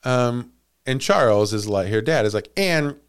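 A man hosting a comedy podcast, telling a story casually and in an animated way, with frequent laughs and jokey asides. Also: lowish voice, moderate pace, smooth.

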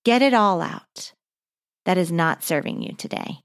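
A woman hosting a children's mindfulness story, gently guiding breathing and movement exercises. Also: fairly low pitch, a little slow. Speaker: host of children's mindfulness podcast.

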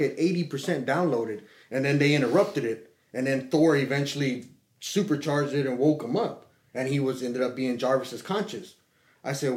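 A middle-aged man telling a story in casual chat, swearing freely and acting out quotes with lively energy. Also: mid-range voice. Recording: echoey room.

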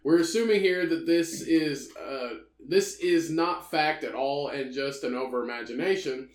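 A man with a slightly high voice, recounting a story for a podcast in an easygoing, filler-heavy way. The room gives his voice an echoey ring. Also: normal speed. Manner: laid-back, with frequent fillers. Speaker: podcast co-host. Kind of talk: casual chat, recounting a news story.

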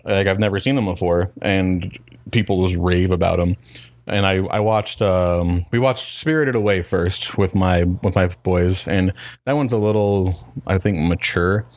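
A man in his thirties from Utah hosting a casual podcast chat, animated and laughing, with lots of "like". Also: low voice, a little slow, no echo. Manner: animated storyteller, frequent "like" and laughs. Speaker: podcast host.

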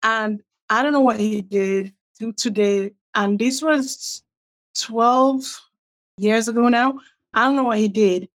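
Middle-aged woman telling a lively story. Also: fairly high pitch, takes it slowly. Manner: acts out quoted people with a raised, livelier voice. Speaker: writer telling her story. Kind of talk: animated personal storytelling.

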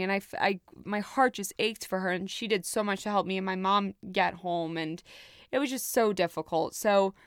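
Young woman host, smooth voice, dry close sound, frank and emotional storytelling with casual swearing. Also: mid-range voice, a bit bright, no echo. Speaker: podcast host. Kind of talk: candid personal storytelling.

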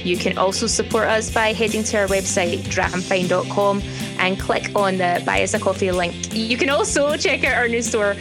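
Scottish woman, podcast co-host, warm teasing chat, smooth promo reads, faint music behind. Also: medium pitch, moderate pace. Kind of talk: casual chat.

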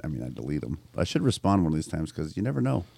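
A man's voice: a bass voice, sing-song, rapid-fire, gravelly, warm tone, breathy edge, no room sound. A man co-hosting a casual podcast chat in a laid-back, wry way. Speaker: podcast co-host.

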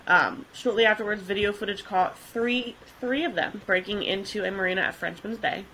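A woman podcast co-host with a bright, ringing voice tells a case in a relaxed, chatty manner. She laughs easily and pads her story with casual fillers. A faint hiss sits under her remote call recording. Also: medium pitch, normal speed, poor audio. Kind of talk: casual chat, telling a case.

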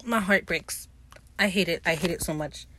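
A young woman hosting a podcast, recapping a TV episode in an animated, profane, teasing way. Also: lowish voice, moderate pace, a little hiss or hum. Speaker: podcast host.

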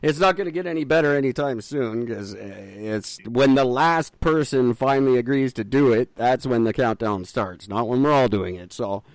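A man's voice: medium pitch, moderate pace, hardly any pauses, dry recording. A man co-hosting a podcast in casual chat, giving dry, short replies and agreeing with his co-host.

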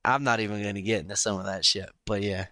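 Brief: male co-host, low voice, dry close sound, casual and profane. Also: fairly even intonation, fast talker, bright, forceful tone, no echo. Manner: profane, joking. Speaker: podcast co-host. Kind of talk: casual chat.

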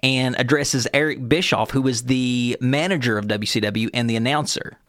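A man's voice: mid-range voice, moderate pace, fairly bright tone, dry recording, studio quality. A man hosting a casual chat, enthusiastically retelling a moment from wrestling history and quoting the lines. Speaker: podcast host.

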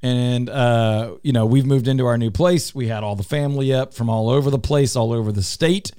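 A middle-aged man hosts a talk radio show, bantering and poking fun at himself and his co-host. His voice is mellow and dark. The studio sound is dry and close. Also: medium pitch, fairly even intonation, brisk, smooth, dry recording. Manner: playful, teasing and self-mocking.

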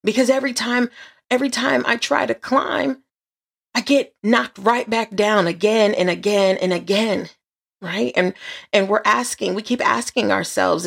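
Female podcast host, gravelly and husky voice, earnest inspirational faith talk. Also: medium pitch, fairly even intonation, measured pace. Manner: earnest, encouraging, repeats phrases.

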